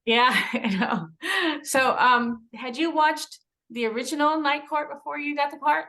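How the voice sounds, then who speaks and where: A woman asking interview questions in a friendly, unhurried way, often laughing. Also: high voice, sharp tone.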